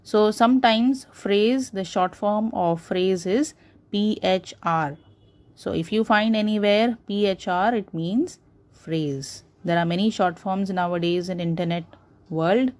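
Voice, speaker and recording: Woman teacher, Indian English accent, slow and patient, repeats examples for kids. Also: medium pitch, darkish tone. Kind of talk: classroom grammar lesson.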